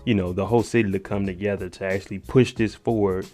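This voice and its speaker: A man's voice: low-pitched, steady tone, quick pace, darkish tone, faint music behind. A man giving a casual, joking recap of a TV episode, talking slangy and aside to the viewer. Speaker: TV recap host.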